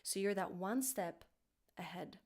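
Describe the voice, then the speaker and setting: A woman teaching an online singing lesson, encouraging and playful, now and then jumping into a high head voice. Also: measured pace, a little mellow.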